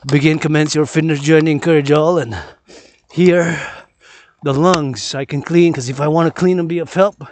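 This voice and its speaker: A man's voice: a little high, fairly even intonation, moderate pace, darkish tone, slight background noise. A man vlogging outdoors on a forested mountain trail, rambling and repeating words and phrases over and over. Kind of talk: rambling vlog monologue.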